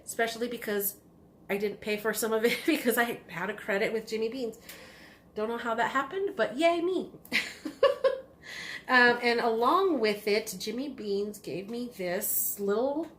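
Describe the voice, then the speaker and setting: A woman hosting a knitting video podcast, chatting casually and excitedly about yarn, rambling with lots of ums and restarts. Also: a little high, moderate pace. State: has the hiccups. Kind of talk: casual chatty show-and-tell.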